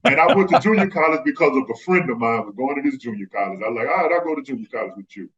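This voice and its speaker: A man's voice: mid-range voice, lively intonation, racing, fairly bright tone, lo-fi sound. A man, a guest telling stories in casual chat and acting out the voices of the people in them. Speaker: guest, former pro basketball player. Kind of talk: casual storytelling.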